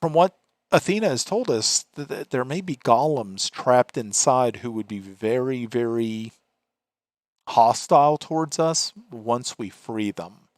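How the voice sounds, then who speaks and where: A man's voice: mid-range voice, animated, unhurried, darkish tone, dry recording, clean studio sound, close to an everyday voice. A man voicing an earnest, careful barbarian woman who advises caution, in a tabletop game.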